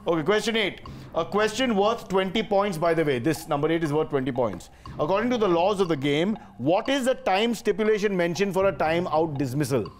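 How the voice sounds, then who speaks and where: A man with an Indian English accent hosting a quiz show, playful and teasing with quick asides. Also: high voice, expressive, a little hiss or hum. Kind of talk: joking game show hosting.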